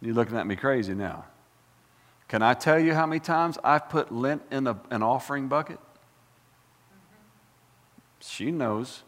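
A man preaching a sermon as pastor, fired up and animated, full of folksy asides and repeated words. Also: mid-range voice, unhurried, long pauses, in a large hall. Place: church sanctuary.

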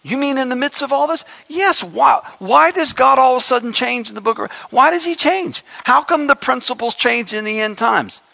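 A man's voice: extremely high pitch, animated, normal speed, creaky, few pauses, sharp tone, dry recording, muffled recording. A man preaching a sermon as pastor, emphatic, with joking asides to his congregation.

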